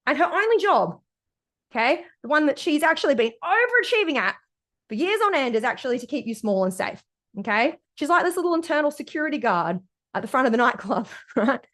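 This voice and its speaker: A woman's voice: sits high, sing-song, a little fast, a bit bright. A woman, a mindset coach giving a recorded masterclass talk, emphatic and sweary, often checking in with "okay?" and "right?".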